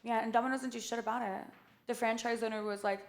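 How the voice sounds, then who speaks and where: This woman's voice is a little high and a little fast, with fairly even intonation. Being interviewed, she spins casual stories full of filler words and quoted lines of dialogue.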